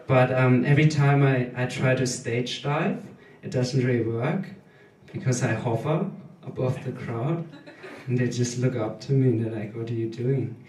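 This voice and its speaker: A German-accented man in his thirties performs stand-up in a small live venue, speaking very slowly with a halting, deadpan delivery. He sounds somewhat distant from the mic, and the room adds a noticeable echo. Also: mid-range voice. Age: 30s. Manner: hesitant, deadpan, halting with many ums. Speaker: stand-up comedian. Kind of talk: stand-up comedy set.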